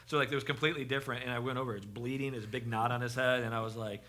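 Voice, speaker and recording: A man on a church parenting panel, telling a story with a self-deprecating, halting delivery full of restarts. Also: medium pitch, steady tone, sharp tone.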